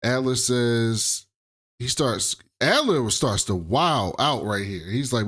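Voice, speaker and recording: A man co-hosting a casual podcast, recapping a TV episode in an animated, slangy way. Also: medium pitch, unhurried. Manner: animated, acts out characters, slangy. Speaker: podcast co-host.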